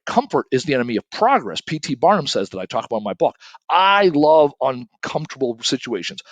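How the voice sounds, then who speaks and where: A middle-aged man giving a casual solo talk as an author, animated and self-correcting, acting out the people he quotes. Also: medium pitch, no room sound. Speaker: author and speaker. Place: home studio, shooting remote.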